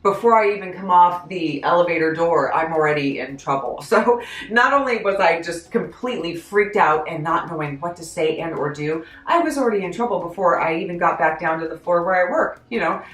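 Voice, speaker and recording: Woman vlogger, low-pitched, chatty and self-deprecating storyteller, roomy echo. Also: brisk, hardly any pauses. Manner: chatty, self-deprecating, animated, with frequent laughs. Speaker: vlogger recounting a job story. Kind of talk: casual storytelling vlog. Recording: echoey room.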